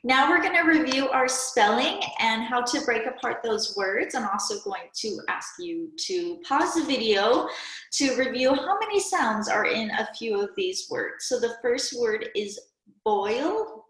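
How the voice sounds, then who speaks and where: Woman teacher for a kids' video lesson: slow, careful, slightly high voice, recorded in a roomy echo. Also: expressive, a bit bright. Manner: slow, clear, patient classroom delivery with prompts to pause. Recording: echoey room.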